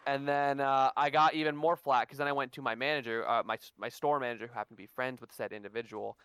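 A man telling workplace stories in a casual podcast chat, animated and swearing freely. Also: mid-range voice, fast, clean tone, dry recording. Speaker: podcast co-host.

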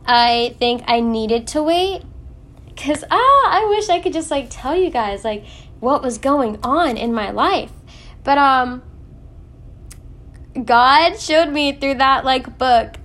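A young woman sharing a personal faith testimony in an earnest, emotional way, with many fillers. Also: sits high. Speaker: faith vlogger.

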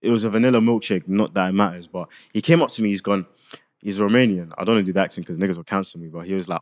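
A young man co-hosting a podcast, joking in lively casual chat. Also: sits low, very fast. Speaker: podcast co-host.

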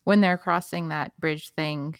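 A woman's voice: low voice, measured pace, smooth, no echo, clean studio sound. A woman co-hosting a podcast, chatting casually and jumping in eagerly. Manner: eager, jumps in excitedly. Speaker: podcast co-host. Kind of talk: casual chat.

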